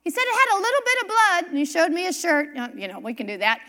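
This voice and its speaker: A middle-aged woman preacher telling a personal story in a sermon, animated and emphatic, repeating key lines. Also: extremely high pitch, quick pace. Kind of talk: sermon testimony.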